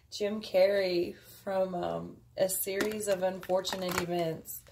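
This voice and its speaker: A woman's voice: mid-range voice, little pitch movement, measured pace, creaky, few pauses, background noise. A woman giving a casual daily tarot reading, chatty and offhand, with frequent fillers. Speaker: tarot card reader.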